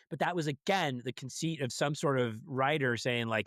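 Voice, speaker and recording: A man's voice: mid-range voice, fairly quick, hardly any pauses, fairly bright tone, no echo, studio quality. A middle-aged man co-hosting a podcast, rambling wryly and mock-quoting people. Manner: rambling with restarts, wry, mock-quotes people. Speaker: podcast co-host. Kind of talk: casual chat.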